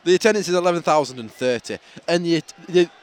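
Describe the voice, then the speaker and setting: A man's voice: fairly high pitch, quick pace, clean tone. A young man co-hosting a podcast, joking and laughing through casual banter at a football stadium. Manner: jokey, laughs often, does impressions. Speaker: podcast co-host. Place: football stadium stands, outdoors.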